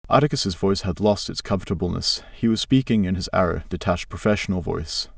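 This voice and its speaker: A man's voice: low voice, a little fast, creaky, few pauses, slightly rough, dry recording, clean studio sound, distant mic. A man narrating a novel as an audiobook, reading plainly and evenly. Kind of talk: scripted narration.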